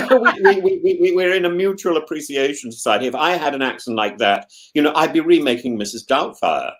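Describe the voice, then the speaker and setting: A man's voice: a little high, animated, a little fast. Stammering, playful male podcast co-host. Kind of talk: casual chat.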